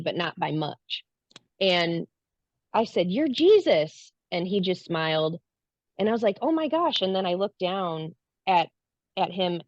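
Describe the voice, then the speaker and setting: Low-voiced woman guest, earnest storyteller, dull lo-fi dry recording. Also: no echo. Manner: earnest, acts out her own past lines. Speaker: guest recounting a spiritual experience. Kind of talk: casual personal storytelling.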